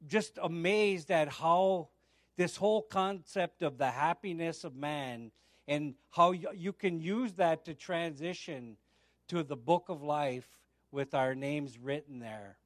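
A man's voice: a little high, slow, fairly bright tone, dry recording, studio quality. A middle-aged man preaching a sermon, telling a testimony and acting out the voices of the people in it. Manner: storytelling, acts out the voices in his anecdotes.

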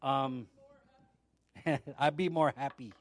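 A man's voice: mid-range voice, steady tone, slow. A middle-aged man preaching a sermon, telling a testimony and acting out the voices of the people in it. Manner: storytelling, acts out the voices in his anecdotes.

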